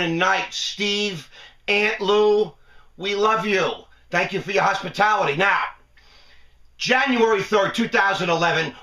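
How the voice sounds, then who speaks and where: A man hosting a live webcast monologue, talking in a playful, jokey way with drawn-out emphasis. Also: high-pitched, sharp tone, roomy sound, distant mic. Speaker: host.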